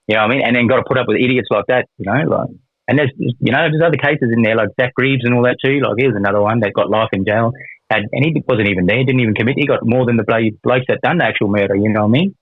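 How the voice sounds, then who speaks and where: A man's voice: medium pitch, quick pace, husky, dry recording. An Australian man telling a prison story in a rambling, casual way, swearing a lot and using many fillers. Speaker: guest, former prisoner. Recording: tinny phone-like line.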